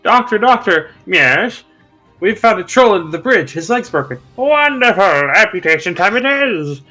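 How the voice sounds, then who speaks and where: A man doing an overblown comic sketch voice, a frantic messenger crying for a doctor. The voice sits higher than usual, bright and pushed, with a playful theatrical swing. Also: animated, moderate pace, soft background music, exaggerated voice. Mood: mock panic.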